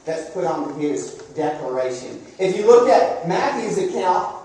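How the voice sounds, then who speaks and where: A man delivers a sermon with a mellow, warm tone, often turning to the congregation with questions. His voice carries through a very echoey church sanctuary, and the mic picks him up from some distance away. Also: high-pitched, sing-song, unhurried, slight background noise. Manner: conversational, asks the congregation questions. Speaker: preacher.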